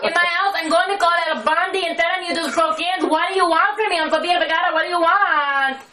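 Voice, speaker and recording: A shrill, frantic celebrity impression. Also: female voice, fast talker, reverberant, recorded from a distance. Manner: loud, exaggerated foreign accent, frantic. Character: shrill, excitable woman shouting in her house.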